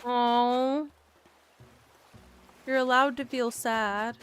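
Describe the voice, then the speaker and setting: A woman streamer chatting casually while gaming. She rambles and is self-deprecating, teary and quick to laugh. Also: a little high, fairly even intonation, fairly bright tone, clear, resonant tone. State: teary, emotional.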